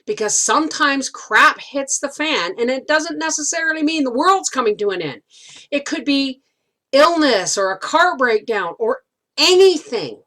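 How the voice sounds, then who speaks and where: A woman's voice: high voice, lively intonation, moderate pace, a bit bright. A middle-aged woman telling a rambling story in a casual vlog, with many restarts. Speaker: homesteading vlogger.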